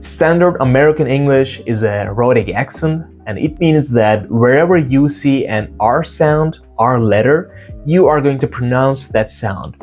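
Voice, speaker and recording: A man giving a casual pronunciation lesson, explaining sounds and slowly repeating example words to demonstrate them. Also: mid-range voice, expressive, darkish tone, faint music behind. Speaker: English pronunciation teacher.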